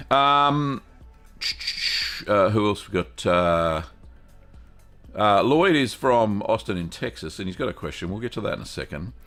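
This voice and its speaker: A man with an Australian accent hosting a live stream, greeting viewers one by one in a relaxed, chatty way. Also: sits low, vocal fry. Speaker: host of a cheese-making livestream. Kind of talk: casual live-stream chat.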